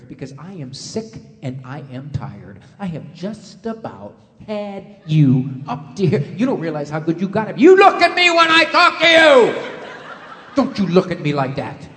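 A man voicing a loud, nagging mother who lectures her child without end, in an echoey hall. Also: high voice. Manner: loud, nagging, exaggerated tirade. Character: scolding middle-aged mother, endless lecturer.

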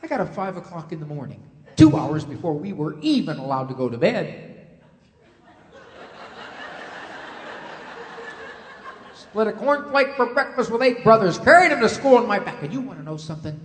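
A man voicing a loud, nagging mother who lectures her child without end, in an echoey hall. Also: sits high, big pitch swings, fast talker. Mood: self-pitying boast. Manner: loud, nagging, exaggerated tirade. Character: scolding middle-aged mother, endless lecturer.

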